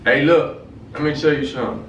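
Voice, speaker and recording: A man from the Midwest telling stories in casual, profane talk, jumping up in pitch when he quotes others. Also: a little fast, lo-fi sound. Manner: animated storyteller, profane, jumps up in pitch for quotes. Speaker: vlog host. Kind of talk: casual conversation. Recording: roomy, distant mic with faint noise.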